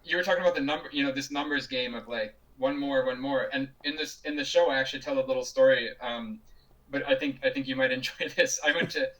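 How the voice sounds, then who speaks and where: A man's voice: medium pitch, steady tone, fast talker, fairly bright tone, far from the mic, rough recording. A man being interviewed over a video call, telling stories casually with frequent laughs and restarts. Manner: chatty, laughs often, many restarts. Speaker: juggler and guest.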